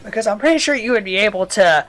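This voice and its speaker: A woman's voice: medium pitch, animated, quick pace, a bit bright, faint music behind. A woman from the Southern United States giving casual, rambling commentary over a video game playthrough, drifting off on tangents. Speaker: let's player.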